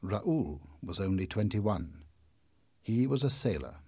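A man reads a story slowly and deliberately, his husky voice lower than most. His pitch moves a lot as he tells it. The sound is dry and close. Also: no echo. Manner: slow, deliberate, expressive. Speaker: narrator. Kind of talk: scripted narration of a graded reader.

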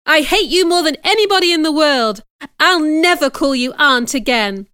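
A woman reading an audiobook, voicing a furious, defiant young orphan girl in loud, indignant outbursts. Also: sits high, animated, moderate pace, dry recording, clean studio sound, voice pushed up.

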